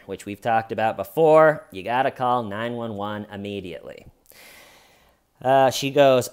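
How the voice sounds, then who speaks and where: A man breaking down an interrogation in a loose, chatty way. He is animated and wry, with dry dark humor, and often slips into quoting the people he talks about. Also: mid-range voice, moderate pace, smooth. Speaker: true crime commentator. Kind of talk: casual video commentary.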